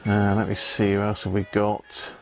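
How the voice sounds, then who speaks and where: A man's voice: lowish voice, monotone, normal speed, creaky, soft background music. A man hosting a casual livestream, chatting with viewers and greeting them by name, laughing often. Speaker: livestream host. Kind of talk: casual live chat with viewers.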